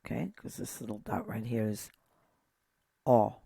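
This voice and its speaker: A man teaching a pronunciation lesson, saying each word slowly and repeating it while pointing out accent marks. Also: lowish voice, gravelly, mellow, husky, dry recording. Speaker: Hebrew teacher.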